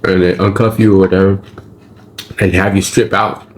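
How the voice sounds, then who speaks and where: A man recounts his prison time in casual street slang laced with profanity, his voice low and flat at a moderate pace. He often pauses to check in with "right?" or "you feel me?", and slight background noise is audible.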